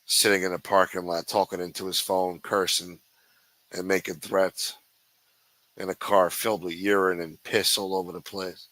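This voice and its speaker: A man's voice: deep voice, flat delivery, moderate pace, a bit bright, dry recording, rough recording. A man hosting a livestream, ranting with constant profanity in a sneering, contemptuous way. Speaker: livestream host.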